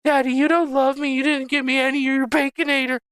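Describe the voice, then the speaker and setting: Give me a man playing a spoiled little female Chihuahua who whines and begs in a high, bright voice. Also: little pitch movement, fast, dry recording. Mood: whiny pleading. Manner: whining, pleading, childlike.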